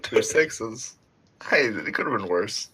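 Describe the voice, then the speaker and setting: A man's voice: lowish voice, lively intonation, takes it slowly, sharp tone, slightly rough. A man playing in a casual tabletop game, joking easily with the table. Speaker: player.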